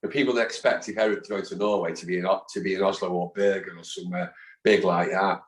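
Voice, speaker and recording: A man in his fifties with a low, deep voice tells stories in a lively way, acting out the voices of the people he quotes. He sounds like an interview guest chatting casually. The recording carries a noticeable echo from the room. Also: fast talker. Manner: animated storyteller who acts out quoted voices. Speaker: guest, football fan. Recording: echoey room.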